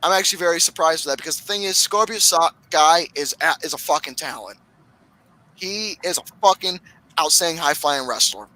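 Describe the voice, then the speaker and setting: A man hosting a casual podcast, recapping wrestling matches with lots of swearing and excitement. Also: a little high, brisk, low-quality recording. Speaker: podcast host.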